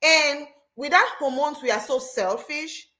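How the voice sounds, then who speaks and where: A woman with a fairly high voice talks as a show host. She tells her stories animatedly, often repeating phrases for emphasis. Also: unhurried. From Cameroon. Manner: animated storytelling, repeats herself. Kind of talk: casual chat.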